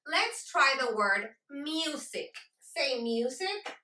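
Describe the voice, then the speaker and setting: Woman literacy teacher, children's phonics lesson, slow and deliberate, bright voice, echoey and distant. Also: fairly high pitch, animated. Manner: slow, deliberate, sounds out words. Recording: roomy echo, distant from mic.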